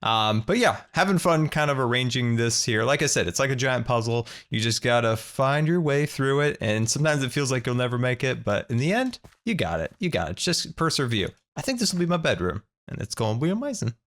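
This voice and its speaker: Lively man narrating his gameplay. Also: medium pitch, fairly quick, few pauses. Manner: animated, playful, narrates his own moves. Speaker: let's play host. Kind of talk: gameplay commentary.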